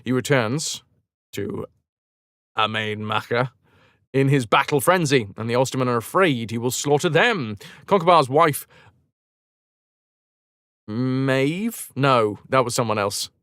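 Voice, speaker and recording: A man's voice: mid-range voice, slow pace, pauses often, no room sound. A man streaming who retells a legend casually, with profane jokes and asides. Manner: animated, profane, jokey asides.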